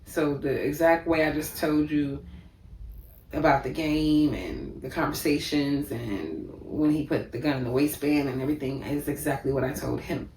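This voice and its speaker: A woman's voice: low voice, moderate pace, a little mellow, a little hiss or hum. A woman vlogger telling a personal story in a vivid, repetitive way, with many fillers. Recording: echoey room, distant mic.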